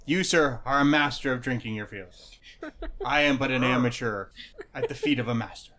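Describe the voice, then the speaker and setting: A man's voice: medium pitch, normal speed, sharp tone, lightly acted. A man voicing a tipsy male gnome alchemist who rambles in a chummy, slightly slurred way. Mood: grandly tipsy.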